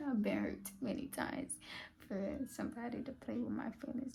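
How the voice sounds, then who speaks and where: Young woman vlogger, casual storytime, raspy fry-heavy voice, swings up and down a lot, half-whispers asides. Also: fairly high pitch, very animated, normal speed, mellow, slight background noise. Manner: chatty, filler-heavy, often drops to a half-whisper.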